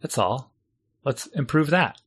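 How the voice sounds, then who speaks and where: A middle-aged man who coaches a youth team, talking in a rambling, animated way and acting out what other people say to him. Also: medium pitch, measured pace, breathy edge. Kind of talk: casual conversation.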